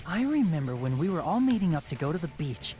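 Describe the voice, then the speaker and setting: An earnest young male game hero who lays out clues fast, with a high, lively voice. Game music plays faintly under him. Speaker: game character. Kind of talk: voice acting for a game.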